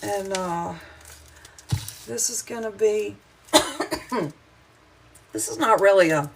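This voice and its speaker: In her home kitchen, a middle-aged woman from the Southern US takes it slowly as she chats on a casual cooking livestream. Her medium-pitched voice has vocal fry and a slight hay-fever wheeze, and she rambles in a homey way over a noisy background.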